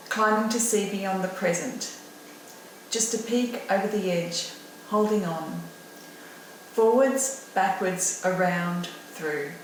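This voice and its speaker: Slow Australian woman in an echoey room. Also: mid-range voice, distant mic, slight background noise. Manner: slow, deliberate, calm reading. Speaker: poet. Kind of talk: reading her own poem aloud. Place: at home.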